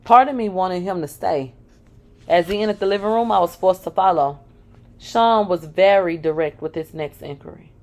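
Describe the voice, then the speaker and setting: A woman reads a first-person memoir aloud in a fairly low voice. She is frank, and she breaks in with dry, sarcastic asides. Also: normal speed. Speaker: reader of a memoir.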